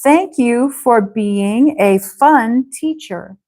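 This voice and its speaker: A woman teaching an English class, saying short phrases slowly and clearly for learners to repeat. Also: a little high, expressive, mellow, low-quality recording. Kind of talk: live English class drills.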